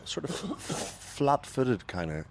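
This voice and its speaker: A man leading a radio cricket broadcast from a commentary booth, calling each ball in a lively way and correcting himself as he goes. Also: mid-range voice, slow, slight background noise.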